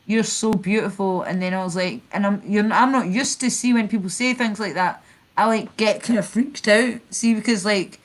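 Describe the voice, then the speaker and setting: A Scottish woman streamer with a medium-pitched voice talks at a moderate pace in casual chat. Her storytelling rambles, packed with fillers and restarts.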